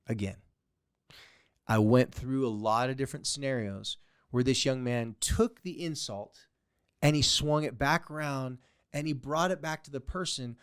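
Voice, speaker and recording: A man's voice: mid-range voice, moderate pace, smooth, dry recording, studio quality. A man hosting a podcast as a therapist, telling client stories and acting out quoted comebacks with mock sweetness. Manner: storytelling, acts out quoted exchanges with a mocking sweetness. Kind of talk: solo podcast talk.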